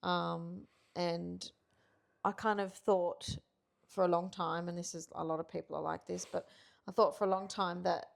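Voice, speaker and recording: Middle-aged woman co-host, gravelly low tone, candid and halting. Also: little pitch movement. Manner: reflective, frank, halting with fillers. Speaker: podcast co-host. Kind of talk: casual couples chat.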